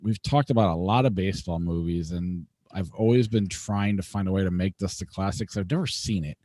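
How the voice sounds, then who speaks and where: Co-host, easygoing, low voice, dry sound. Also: male voice, a little fast, mellow, no room sound. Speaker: podcast co-host, movie critic. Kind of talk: casual podcast chat.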